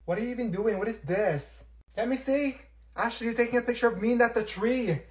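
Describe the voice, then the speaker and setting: A young man acting out comedy sketches, swinging between loud shrill outbursts and low mumbled asides. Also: fairly quick. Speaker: comedy sketch creator playing many characters.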